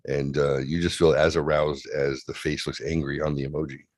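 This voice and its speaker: A man's voice: rumbling low, little pitch movement, moderate pace, dry recording. A man co-hosting a comedy show over a remote call, telling a bawdy story and acting out the other people's lines with playful relish. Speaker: co-host. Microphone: remote video call.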